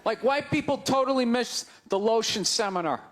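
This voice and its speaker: A man doing a live stand-up routine, ranting incredulously with bursts of shouting. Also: extremely high pitch, lively intonation, moderate pace, a little hiss or hum. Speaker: stand-up comedian. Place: comedy stage before a live audience. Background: faint audience laughter.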